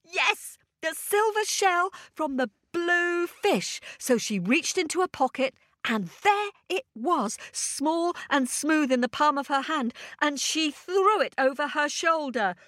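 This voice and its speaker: Animated woman telling a children's story. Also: high voice, slow pace, few pauses, no echo, studio quality. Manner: animated, asks listeners questions, makes sound effects.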